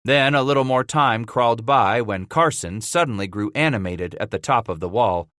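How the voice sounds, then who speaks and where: A man reads a western audiobook in a steady, measured way. His voice is bright and crisp. The recording is dry and close. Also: mid-range voice, dry recording. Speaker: audiobook narrator. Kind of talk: scripted audiobook narration.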